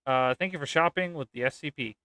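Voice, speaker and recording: A man's voice: a little high, brisk, clean tone, no echo, studio quality. A man putting on a bored young sales operator woman. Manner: flat bored monotone, curt.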